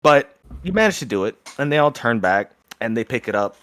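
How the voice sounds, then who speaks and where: Lively young game master narrating. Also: male voice, medium pitch, fairly quick, clean tone, soft background music. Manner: lively storytelling, slips into character voices.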